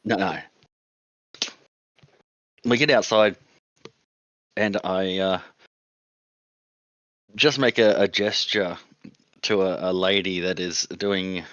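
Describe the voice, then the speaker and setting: A man with a very low voice talks through his character's moves in a tabletop game, often stopping to restart a phrase. His voice comes through a dull, lo-fi microphone with a dry sound. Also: fairly bright tone, no room sound. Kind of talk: in-character play and casual chat.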